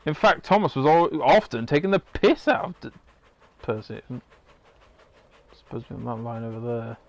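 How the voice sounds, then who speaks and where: A man's voice: mid-range voice, sing-song, moderate pace, vocal fry. A man giving rambling, casual commentary while playing a game, swearing now and then. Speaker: gamer.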